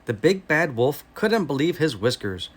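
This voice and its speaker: A man with an American accent reading a children's story aloud in a slow, expressive way. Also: on the high side, slightly rough.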